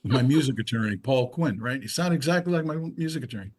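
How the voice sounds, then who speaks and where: A man's voice: mid-range voice, animated, fast, darkish tone. An older male musician in a casual interview, telling rambling stories with frequent restarts and asides. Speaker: musician guest.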